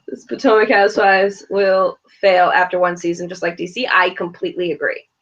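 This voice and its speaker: A woman co-hosting a casual reality TV chat with her son, ranting in a blunt, profane, animated way. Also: fairly low pitch, moderate pace, dull audio. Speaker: podcast co-host, mother.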